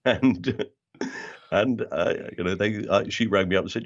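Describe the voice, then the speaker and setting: On lo-fi audio, a low-voiced older man from South London tells stories at a moderate pace with frequent pauses. He has a London accent and, as a guest in a casual interview, animatedly imitates the people in his tales.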